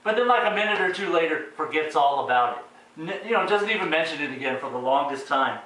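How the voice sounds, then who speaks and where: A man's voice: a little high, animated, fast, pushed and bright. A man giving a casual, sarcastic and profane ranting review of a movie, sounding exasperated. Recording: very echoey room, distant mic.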